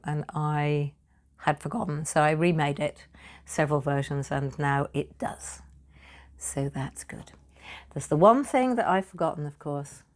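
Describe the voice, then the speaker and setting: A British woman with a slightly low voice talks chattily about perfume ingredients. She laughs a lot, and her words tumble and repeat when she gets enthusiastic. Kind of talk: casual talk on perfume materials.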